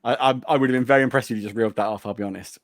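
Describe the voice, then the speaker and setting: A man's voice: medium pitch, very fast, dry recording. A man hosting a casual podcast movie quote quiz, playful and teasing. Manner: playful, reads out quotes and teases. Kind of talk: casual chat.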